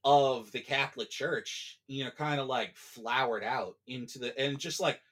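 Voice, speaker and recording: A man's voice: medium pitch, measured pace, fairly bright tone. A man, a guest on a casual book podcast, talking in a rambling, emphatic and profane way with many fillers. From United States.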